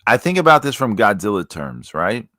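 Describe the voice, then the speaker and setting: A man's voice: lowish voice, very animated, moderate pace, bright, forceful tone, dry recording. A man hosting a casual chat stream, rambling and laughing often. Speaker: podcast host.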